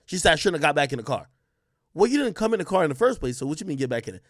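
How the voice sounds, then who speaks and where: Animated man ranting to viewers. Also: on the high side, racing, no room sound, clean studio sound. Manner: animated, blunt, profane, talks straight to viewers. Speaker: commentator reacting to an interview clip. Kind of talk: casual reaction commentary.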